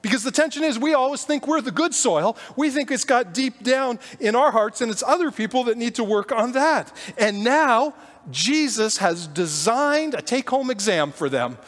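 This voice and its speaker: Brief: high-voiced male pastor preaching earnestly, with a long hall echo. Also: moderate pace. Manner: earnest, animated storytelling. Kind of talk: sermon.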